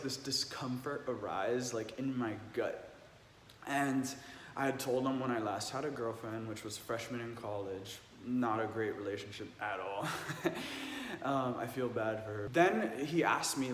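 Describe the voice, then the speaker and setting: A man's voice: medium pitch, a little slow, slight background noise. A young adult man telling a personal story earnestly and emotionally, with lots of "like" fillers. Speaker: vlogger. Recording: echoey room with long reverb, faint ambience.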